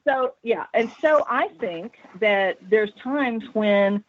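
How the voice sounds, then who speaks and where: A woman's voice: fairly high pitch, takes it slowly. Woman telling a story over a phone line. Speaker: author and paranormal researcher, guest. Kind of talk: casual storytelling on a radio talk show. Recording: tinny phone line, dry.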